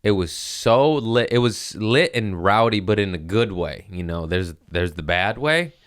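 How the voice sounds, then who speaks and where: A man's voice: fairly low pitch, animated, unhurried, no echo, clean studio sound. A man in his thirties hosting a podcast, telling stories in a profane, rambling casual chat. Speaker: podcast host, comedian.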